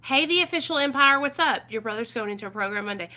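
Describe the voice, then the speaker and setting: A woman's voice: a little high, animated, quick pace, bright, forceful tone. A woman with an East Texas accent hosting a casual recovery support livestream. She reads workbook passages aloud and chats bluntly with viewers, greeting them and answering their comments.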